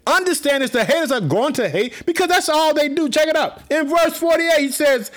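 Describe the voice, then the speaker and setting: Man, preacher, very high voice, wildly swinging pitch, excited shouting. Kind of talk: fiery sermon.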